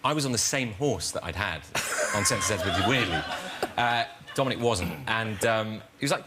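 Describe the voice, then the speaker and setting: A man's voice: on the low side, animated, fast talker. A man, a chat show guest telling an amused story about a film shoot. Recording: noisy studio recording.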